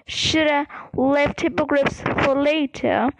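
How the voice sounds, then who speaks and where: A miserable half-giant man with a thick, dull way of talking, as a woman reader puts him on. The voice sits high and moves slowly through each word. Close, dry sound. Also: fairly even intonation, gravelly, no echo, heavily acted. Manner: thick, dull, glum speech.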